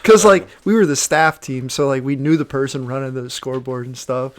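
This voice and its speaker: A man's voice: medium pitch, a little fast. A man in his late twenties, co-hosting a casual podcast chat and rambling through stories in a laid-back way. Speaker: podcast co-host. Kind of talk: casual chat among friends.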